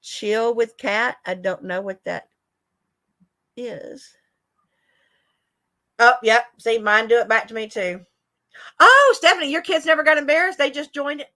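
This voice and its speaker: A woman's voice: a little high, expressive, unhurried, long pauses, pushed and bright. A middle-aged woman, a teacher and livestream host, chatting casually with her viewers and laughing often. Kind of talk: casual live chat with viewers.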